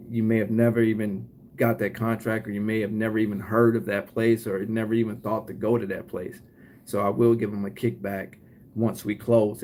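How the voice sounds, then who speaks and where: A man's voice: medium pitch, a little mellow, a little hiss or hum. Detroit man giving casual business advice. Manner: conversational, often ends points with "right?"; acts out both sides of short scenes. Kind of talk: casual advice talk to viewers.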